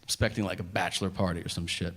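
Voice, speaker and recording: Talking fast in a low voice with a big-room sound, a male comedian holds a handheld mic on stage and spins an animated, profane story, acting out each line of dialogue.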